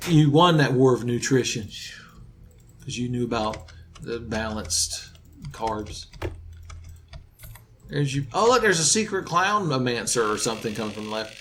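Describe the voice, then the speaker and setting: A man with a lively, swooping pitch cracks sarcastic jokes while his friend plays a game. He talks at a middle pitch, riffing fast between comments on the action. Keyboard typing clatters in the background. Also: a little hiss or hum. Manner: riffing, sarcastic, lively with sudden jokey voices. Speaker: co-host commentating a let's play. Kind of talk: joking gameplay banter.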